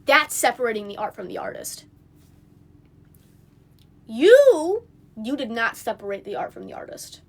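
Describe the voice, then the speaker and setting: A woman's voice: medium pitch, lively intonation, fast, vocal fry, few pauses, pushed and bright. A young woman on a phone livestream, venting in an indignant, rambling rant full of fillers. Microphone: phone mic.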